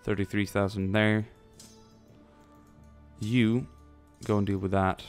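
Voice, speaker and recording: A man with a fairly low voice talks through a strategy game, thinking aloud as he plays. He rambles and throws in jokey asides, with faint music playing under his voice. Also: level tone, takes it slowly. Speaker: let's play commentator. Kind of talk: casual gameplay commentary.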